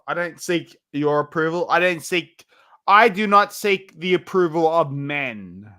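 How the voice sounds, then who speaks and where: A man's voice: a little high, animated, a little slow, pushed and bright. A drunk man with hiccups, rambling on a livestream while reading the chat, swinging between insults and self-pity. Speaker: livestream co-host.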